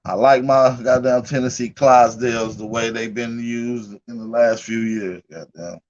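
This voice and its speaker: A man's voice: mid-range voice, steady tone, moderate pace, darkish tone. Profane laughing man, muffled stream audio. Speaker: livestream host. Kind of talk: casual livestream rant.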